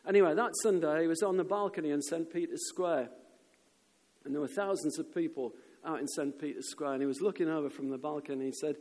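Male preacher, lively storytelling sermon, reverberant church recording. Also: on the high side, quick pace. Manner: animated storyteller, shouts quoted crowds. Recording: long reverb of a church hall.

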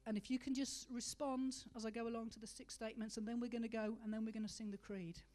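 A woman preaching a sermon, asking rhetorical questions and slowing to stress key words. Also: a little high, little pitch movement, dark tone, faint music behind.

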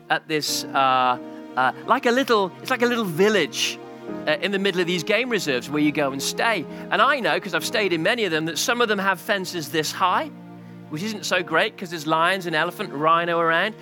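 A man's voice: high-pitched, sharp tone. A male pastor preaching a sermon, telling a story and building to a passionate climax.

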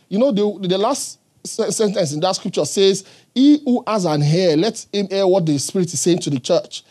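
Earnest male preacher with a husky voice. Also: sits high, mellow. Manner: earnest, emphatic, questions to the congregation. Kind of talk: sermon.

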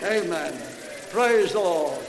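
A man's voice: high voice, lively intonation, slow pace. A man leading a revival meeting in a large hall, calling out praises exuberantly. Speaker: meeting leader. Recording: echoey hall, crowd and hiss.

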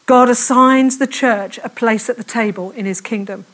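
A woman preaching a fervent sermon in church, speaking quickly and repeating her calls to prayer. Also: fairly high pitch.

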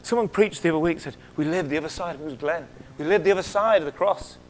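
A middle-aged man with a high voice preaches a sermon in church. He talks in a conversational way and puts questions to the congregation. He drops to hushed whispers and then rises to loud, sharp exclamations. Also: fast, a little hiss or hum. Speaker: pastor.

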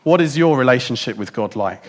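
A man's voice: mid-range voice, animated, fairly quick. Reflective male preacher asking questions. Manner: reflective, many rhetorical questions. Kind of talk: sermon.

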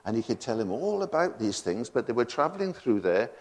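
A man's voice: medium pitch, big pitch swings, a little fast, a little mellow. A man preaching a sermon, full of rhetorical questions and laughing asides.

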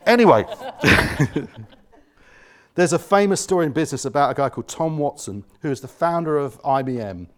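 A male pastor giving an earnest sermon, dropping to quiet tones and rising loud, often acting out the voices he quotes. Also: on the high side.

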